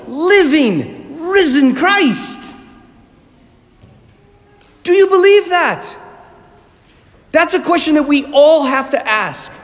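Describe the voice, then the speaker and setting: A man, a priest, giving a homily at Mass, telling the story animatedly, acting out startled reactions and often clearing his throat. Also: extremely high pitch. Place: church. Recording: long church reverb.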